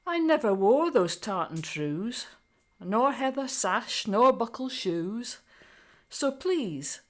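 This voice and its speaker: A woman's voice: a little high, pitched above the performer's own voice. Woman putting on a weary Scottish bard's ghost. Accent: Doric Scots, put on. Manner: slow rhyming recitation, pleading. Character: ghost of an old Scottish male poet, weary.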